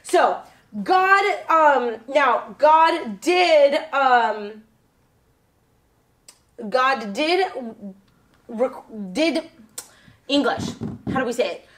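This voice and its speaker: A woman's voice: sits high, expressive, extremely slow, long pauses. A woman retelling a Bible story for children in a casual, rambling way, with lots of fillers and self-corrections.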